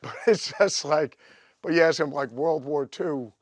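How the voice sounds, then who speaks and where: A man who is a guest guitarist, telling stories in a rambling, animated podcast chat. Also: a little high, unhurried, dry recording. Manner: animated, rambling, lots of fillers. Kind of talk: casual storytelling chat.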